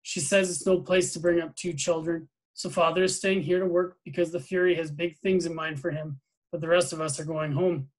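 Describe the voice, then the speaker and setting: A man's voice: on the high side, flat delivery, brisk, close to an everyday voice, rough recording. A man reading a novel aloud, voicing a curious, well-meaning young boy with eager, earnest questions in a near-plain voice.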